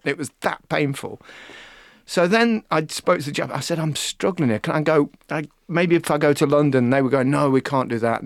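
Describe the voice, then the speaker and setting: Brief: male podcast co-host, ex-player, gravelly voice, dry close mic, rambling self-mocking storyteller. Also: mid-range voice, no echo. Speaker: podcast co-host, former footballer. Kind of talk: casual storytelling chat.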